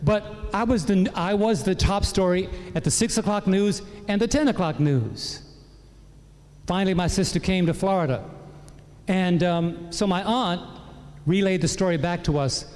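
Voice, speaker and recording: A man's voice: high voice, normal speed. A man gives a sermon-style personal testimony in a large hall, and his slightly raised voice carries a long echo. He tells the story with lots of animation and acts out the voices of the people in it. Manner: animated storytelling, acting out relatives' lines. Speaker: pastor. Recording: echoey hall.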